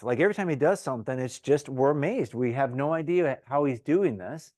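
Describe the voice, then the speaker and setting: A man's voice: mid-range voice, quick pace, hardly any pauses, a little mellow, no room sound, studio quality. Casual man teaching a Bible study. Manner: informal, acts out crowd voices in quotes.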